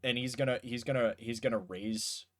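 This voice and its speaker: A man narrating a tabletop role-playing game as game master, in a casual, animated way. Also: medium pitch, moderate pace.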